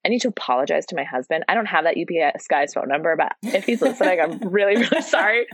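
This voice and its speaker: Earnest woman with a low, dry voice. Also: racing, vocal fry, husky, no echo. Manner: earnest and animated storytelling, draws out key words. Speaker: podcast guest, yoga teacher. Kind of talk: casual podcast conversation.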